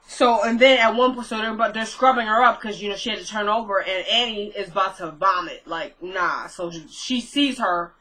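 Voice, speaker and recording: A woman's voice: medium pitch, moderate pace, hardly any pauses, bright, forceful tone, low-quality recording. A woman chatting casually to her viewers as she recaps a TV episode, thinking aloud and questioning what she saw.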